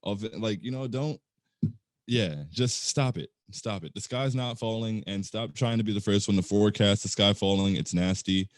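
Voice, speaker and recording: A man with a lowish voice on a dry, close recording. He rants animatedly about fans overreacting, plainly exasperated, as a podcast co-host. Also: moderate pace, dry recording. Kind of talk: casual sports chat.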